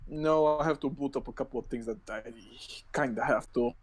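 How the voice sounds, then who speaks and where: A man co-hosting a casual podcast, his voice sitting at an ordinary middle pitch. He rambles through his points with plenty of swearing, fillers and false starts. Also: fairly quick, poor audio. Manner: rambling, profane, lots of fillers and restarts. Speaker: podcast co-host. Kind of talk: casual chat.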